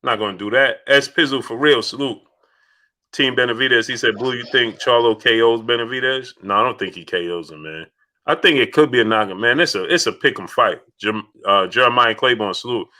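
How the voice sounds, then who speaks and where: A man's voice: mid-range voice, a little fast, sharp tone. A man hosting a casual boxing livestream, reading out super chats and making his points emphatically, often restarting his phrases.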